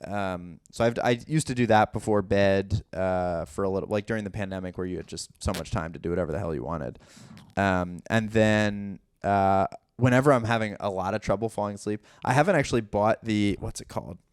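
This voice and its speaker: A man's voice: lowish voice, a little fast, clear, resonant tone, dry recording, studio quality. A young man, a comedian from Philadelphia, chatting casually on a podcast, rambling with many fillers and the odd swear word. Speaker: guest comedian.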